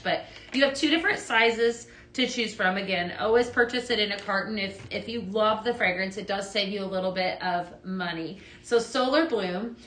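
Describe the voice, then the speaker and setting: A woman hosts a live selling show in a chatty, upbeat way, greeting viewers as she demos products. Her voice is bright and forward, and the room around her rings with echo. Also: medium pitch. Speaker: host of a live shopping show. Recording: echoey room.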